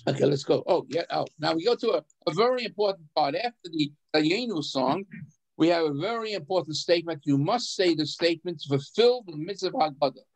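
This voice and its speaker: A man with a high voice leads an adult education class. He explains a text in a halting way, repeating words, putting questions to his students and chuckling between points. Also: lively intonation, poor audio. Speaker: rabbi teaching adult education.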